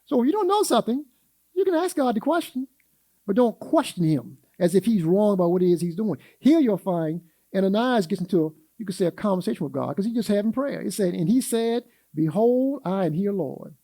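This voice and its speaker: A man with a high, mellow voice teaches a church Sunday school class. He talks in a folksy way, puts questions to the class and acts out everyday quotes. The sound is close and dry, with no room around it. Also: expressive, fairly quick, dry recording.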